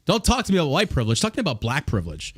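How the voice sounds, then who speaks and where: A man's voice: a little high, huge pitch swings, very fast, husky. A man hosting a podcast, ranting in a profane, combative way. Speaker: podcast host. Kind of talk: casual podcast rant.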